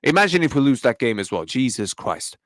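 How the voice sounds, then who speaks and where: A football fan channel host rants in a heated match reaction video, exasperated and slangy, repeating himself as he addresses his viewers. His mid-range voice swings widely in pitch, fairly quick and fairly bright, in a rough recording with no echo.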